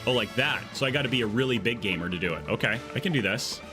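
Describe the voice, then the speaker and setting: Talking fast over music, a male streamer with an expressive mid-range voice keeps up casual live gameplay chat. He jokes, rambles and veers off topic, recorded on an earbud mic.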